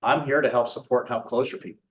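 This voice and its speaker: Brash loan officer, blunt male storyteller, mid-pitched, muffled lo-fi sound. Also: fairly even intonation, quick pace. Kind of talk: casual sales talk to a meeting.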